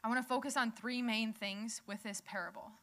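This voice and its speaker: A woman's voice: a little high, steady tone, fairly quick, fairly bright tone. A young woman preaching a sermon in a conversational way, laughing often and telling stories with animation.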